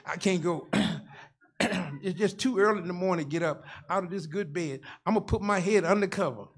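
A man's voice: high-pitched, a little fast. A man in his sixties preaching a sermon as pastor, in a folksy, rhythmic style that repeats phrases and calls for responses from the congregation. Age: 60s.

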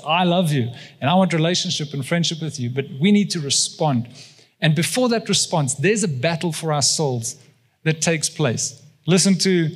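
A man's voice: fairly high pitch, in a large hall. A South African man preaching a sermon as pastor, emphatic, tossing questions to the congregation. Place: church hall.

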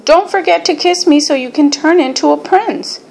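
A woman's voice: high voice, normal speed, gravelly, darkish tone, slight background noise, pitched above the performer's own voice. A woman voicing a bossy young girl who plays the princess in a school play.

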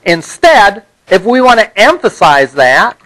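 A man's voice: high voice, very animated, unhurried, a bit bright, rough recording. A man teaching a college web development class, explaining patiently and often checking in with "all right?". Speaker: college instructor. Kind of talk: classroom lecture.

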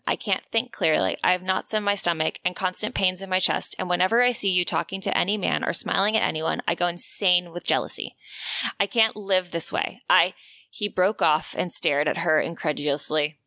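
A woman's voice: fairly low pitch, gravelly, sharp tone, dry recording. A woman co-hosting a book podcast, recapping a romance novel and reading passages aloud with expression. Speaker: podcast co-host.

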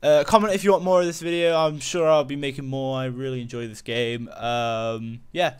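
A man talking casually over his own gameplay, rambling through fillers and half-finished thoughts. His voice sits at an ordinary middle pitch and jumps up when something surprises him. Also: normal speed, smooth. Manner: rambling, full of fillers and restarts, easily excited. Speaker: gaming channel host. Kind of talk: casual let's-play commentary.

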